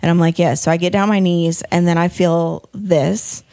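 A woman tells a story on her podcast in casual chat. Her voice sits a little low. She tells it with lively energy and swears freely, acting out the quotes as she goes. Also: moderate pace. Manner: animated, profane storytelling with acted-out quotes. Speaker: podcast co-host.

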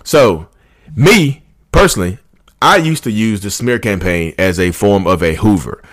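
A man in his thirties talks straight to his audience in a casual, rambling way, sliding into passionate rants. His voice sits on the low side. The sound is dry and close, with no room echo. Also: lively intonation, unhurried, fairly bright tone. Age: 30s. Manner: chatty and rambling, often addresses viewers as "y'all"; passionate, ranting bursts. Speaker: YouTube channel host. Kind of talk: casual talk to camera.

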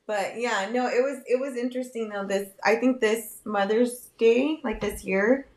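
A woman's voice: on the high side, moderate pace, a little mellow, reverberant. A woman co-hosting a casual chat, telling stories candidly and swearing freely. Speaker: podcast co-host, biological mom.

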